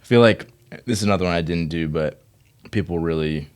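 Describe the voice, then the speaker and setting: Deep-voiced male gym coach, easygoing, filler-heavy chat. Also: brisk, smooth. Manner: relaxed, rambling with many fillers. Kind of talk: casual chat.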